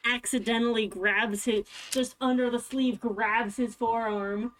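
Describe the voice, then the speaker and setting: A woman's voice: on the high side, fairly even intonation, a little slow. A woman chatting casually with her tabletop group, joking, swearing and laughing at her own bad luck. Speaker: tabletop game player. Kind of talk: casual chat between players.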